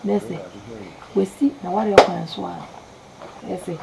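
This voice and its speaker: A woman, playing a teasing villager in a film, animated and laughing often. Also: medium pitch, unhurried, creaky, heavy background noise. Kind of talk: Ghanaian film acting.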